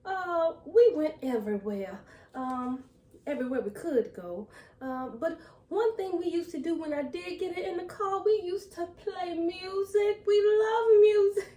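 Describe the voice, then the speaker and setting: Woman as a teary, giggling dog mourner, high voice, roomy echo. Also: animated, a little slow, dark tone, far from the mic. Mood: tearful. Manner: teary, laughing through tears. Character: tearful woman mourning her beloved little dog.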